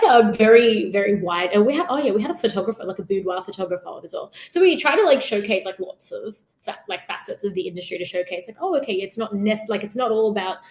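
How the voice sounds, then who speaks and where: A young woman with an Australian accent, chatting casually as a podcast guest, giggling often and filling her talk with "like" and "I guess". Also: lowish voice. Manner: giggly, chatty, many fillers. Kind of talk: casual interview chat. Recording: roomy echo.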